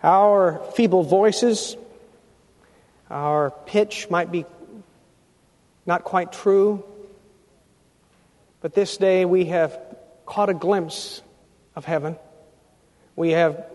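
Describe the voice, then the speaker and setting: A man preaching a sermon as pastor, emphatic, rising to loud climaxes, in a church sanctuary. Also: high voice. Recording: long reverb of a large church hall.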